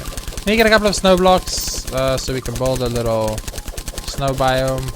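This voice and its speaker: A man's voice: mid-range voice, normal speed, noisy background. A young man commentating his gameplay in a casual, sarcastic, mock-boastful way, swearing freely. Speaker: let's play host. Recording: game music playing behind. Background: game music.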